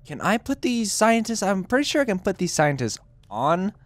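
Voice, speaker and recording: A man's voice: high voice, very animated, moderate pace. A man hosting a let's play with casual gameplay commentary, swearing and shifting into odd, playful inflections.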